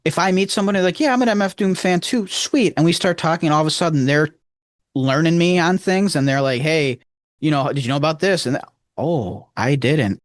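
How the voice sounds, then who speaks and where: A man's voice: brisk, no echo, clean studio sound. Earnest rambling man with a Rochester accent. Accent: Rochester, New York. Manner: rambling, earnest, emphatic swings in pitch. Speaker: podcast co-host. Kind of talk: casual chat.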